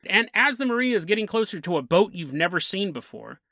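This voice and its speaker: A man with a bright, forward voice recounts a weird sea story for his podcast, casual and amused, often breaking into a chuckle. The sound is dry and close, with no room around it. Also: high-pitched, sing-song, brisk, no room sound. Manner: chatty and amused, chuckling through the tale. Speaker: podcast host.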